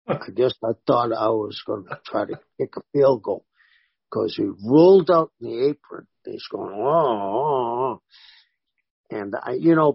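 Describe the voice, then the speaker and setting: A man, a former pro wrestler, telling animated stories in a casual interview and voicing the people in them. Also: medium pitch, vocal fry, breathy edge, dry recording, dull audio. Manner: animated anecdotes with voiced quotes.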